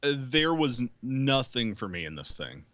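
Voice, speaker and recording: A man's voice: medium pitch, very animated, normal speed, a bit bright, no room sound. A man co-hosting a movie podcast, giving blunt, profane opinions in casual chat. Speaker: podcast co-host.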